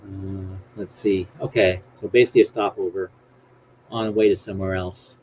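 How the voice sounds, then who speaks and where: A man's voice: low voice, little pitch movement, moderate pace, darkish tone. A man hosting a casual live stream, rambling and joking about himself as he reads things off his screen aloud. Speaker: livestream host. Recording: dull lo-fi stream audio with faint hiss.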